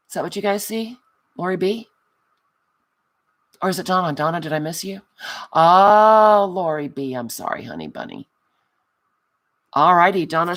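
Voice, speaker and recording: A woman's voice: fairly low pitch, a bit bright. Woman host wrapping up a craft livestream: affectionate, self-mocking, chatting back to viewers. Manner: chatty, reads out and answers viewer comments; affectionate, calls viewers honey. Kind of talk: casual livestream chat.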